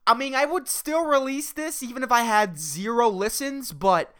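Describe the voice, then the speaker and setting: A man's voice: very high voice, normal speed, a bit bright, clean tone. A man hosting a solo comedy podcast, rambling, swearing constantly and joking as he goes. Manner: rambling, profane, jokey. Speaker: podcast host.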